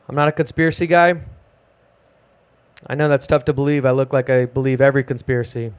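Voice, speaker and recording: A young man doing a self-deprecating, deadpan stand-up set at an open mic in a small music club. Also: medium pitch, quick pace, pauses often, clear, resonant tone. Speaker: stand-up comedian.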